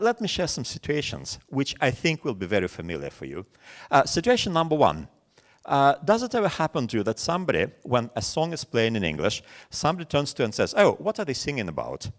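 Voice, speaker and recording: Russian-accented guy in his 40s, low voice but really animated, teacher-trainer webinar talk with lots of little stories. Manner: storytelling with many examples, animated quoting. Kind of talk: webinar lecture.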